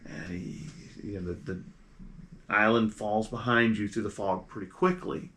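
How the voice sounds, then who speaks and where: A man narrating as game master of a tabletop game, in a halting way with many restarts. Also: lowish voice, steady tone, a bit bright, a little hiss or hum.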